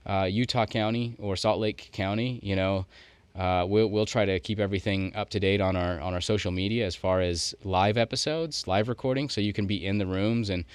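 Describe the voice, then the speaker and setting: Male podcast co-host: very deep, resonant voice, loose run-on musing. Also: a little fast, few pauses, smooth, dry recording. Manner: loose, thinking aloud in long run-on sentences. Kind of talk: casual podcast chat.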